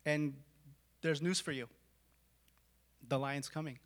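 A man preaches with a high, bright, ringing voice. He talks casually, tossing in "like" and "right?", and swings from quiet, intimate stretches to full shouts. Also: steady tone, slow. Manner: dramatic swings from hushed to shouting; conversational, with filler "like" and "right?". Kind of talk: sermon.

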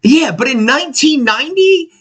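Animated, profane male podcast host. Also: very high-pitched. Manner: animated, profane, quick impressions. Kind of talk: casual profane chat.

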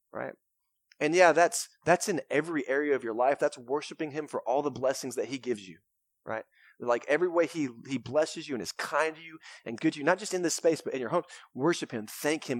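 A young man, preaching a sermon in a casual, energetic way with lots of "right?" and "man". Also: a little high, dry recording. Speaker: pastor. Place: church sanctuary.

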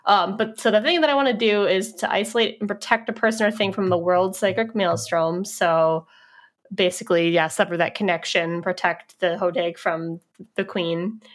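Woman player, chatty and quick to laugh, mid pitch. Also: fairly even intonation. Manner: chatty, explaining, giggly. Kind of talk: tabletop game play.

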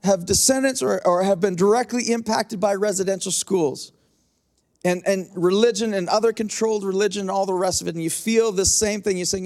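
A man preaches from the pulpit in a high, bright-edged voice. He drives his points home with repetition and speaks straight to his listeners, swinging between quiet asides and forceful emphasis. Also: steady tone, a little fast. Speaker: pastor. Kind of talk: sermon.

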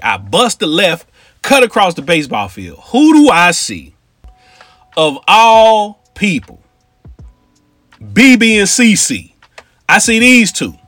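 A man from Cincinnati spins a story in a husky, slightly raised voice, his pitch bouncing with animated energy. He talks in street slang and turns to his listeners with asides. The sound is dry and close, with faint music behind. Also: unhurried, pauses often, no echo. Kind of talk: casual storytelling.

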